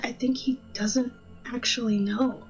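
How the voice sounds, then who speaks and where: A woman's voice: on the high side, steady tone, unhurried, highs cut off, faint music behind. A woman playing a tabletop role-playing game, describing her character's actions playfully in the first person. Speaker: player.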